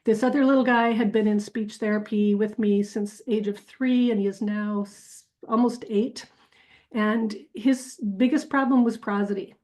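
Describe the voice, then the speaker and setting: A woman's voice: medium pitch, fairly even intonation, normal speed, a little mellow, rough recording. A woman speech clinician giving a conference talk, explaining the therapy clips she plays. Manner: explanatory, reflective. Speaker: speech-language clinician presenter.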